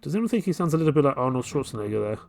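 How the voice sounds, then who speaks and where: A man hosting a let's play, talking through his game in a laid-back, thinking-aloud way. His voice sits at an ordinary middle pitch. Faint game music plays behind him. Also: very fast, gravelly. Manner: relaxed, thinking aloud while playing. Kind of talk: casual gameplay commentary.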